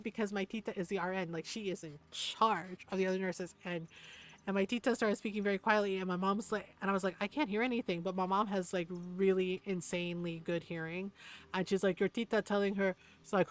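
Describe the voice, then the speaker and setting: A woman's voice: medium pitch, normal speed. A woman streamer chatting casually while gaming, retelling stories with lots of quoted back-and-forth and frequent tag questions. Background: faint background music.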